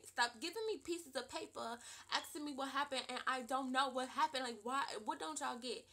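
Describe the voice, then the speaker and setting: A woman in her twenties telling a casual storytime vlog, animated and emphatic, with lots of repeated fillers. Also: high-pitched, fairly quick. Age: 20s. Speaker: vlogger.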